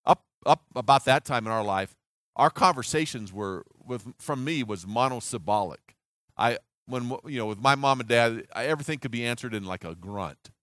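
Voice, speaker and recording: A man in his sixties preaches through a personal story, earnest and halting, often restarting his sentences. His pitch rises and falls in wide swings as he goes. The sound is dry and close, with no room around it. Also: expressive, a bit bright, no echo. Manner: earnest storytelling with many restarts and acted quotes. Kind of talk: sermon storytelling.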